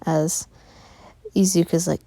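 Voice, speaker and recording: A woman narrating an improvised fan story in a halting way, with many fillers and pauses. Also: fairly low pitch, level tone, mellow, no room sound.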